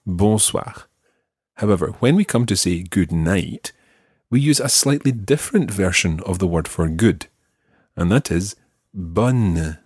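A Scottish man leads a language lesson in a husky, low voice. He shapes each French word slowly and carefully so it can be repeated back. The sound is dry and close. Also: darkish tone, no echo. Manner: slow, careful modelling of French words for repetition. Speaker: language teacher.

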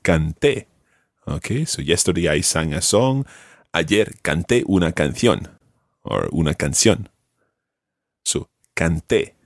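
A man's voice: low voice, sing-song, unhurried, pauses often, no echo, studio quality. A man teaching Spanish one to one, patient, repeating each word for his student. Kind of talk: one-to-one language lesson.

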